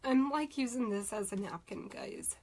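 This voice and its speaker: A woman's voice: on the high side, moderate pace, darkish tone, husky, poor audio. A woman, chatting on a live stream while she cries and rambles with many fillers. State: crying. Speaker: vlogger doing a live stream. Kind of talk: casual live-stream chat.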